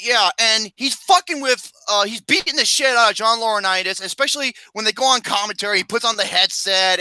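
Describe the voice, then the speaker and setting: A man hosting a casual ranking chat, ranting with plenty of profanity in an animated, exasperated way. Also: high-pitched, no echo. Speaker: podcast host.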